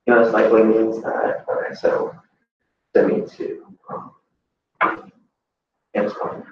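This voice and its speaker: A male student reads a test item aloud and mutters his way through the answers, in a flat tone. He sits far from the mic in a very echoey classroom, the sound dull with faint noise. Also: on the low side, slow pace. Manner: reading aloud and thinking out loud, hesitant.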